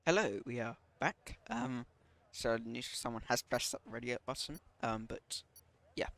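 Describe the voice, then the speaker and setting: A man giving live commentary on an online racing league stream, with many ums and quick self-corrections. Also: medium pitch, vocal fry, fairly bright tone, slight background noise.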